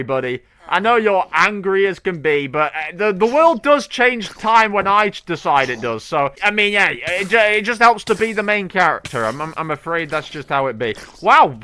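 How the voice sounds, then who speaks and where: Young guy doing chatty let's play commentary, kinda high bright voice, swears a lot. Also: no room sound. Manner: excitable, chatty, swears freely. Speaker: gaming channel host.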